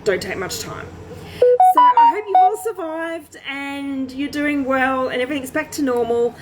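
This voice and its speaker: A woman's voice: high voice, lively intonation, moderate pace, over loud music, poor audio. A woman talking casually to camera as a small business coach, chatty and full of fillers and restarts.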